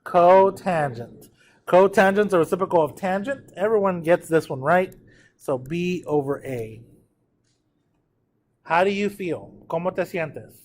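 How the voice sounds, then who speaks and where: This trigonometry lecture comes unhurried, in a high-pitched voice with long pauses. The teacher checks in with students often and has them repeat terms aloud to work on pronunciation.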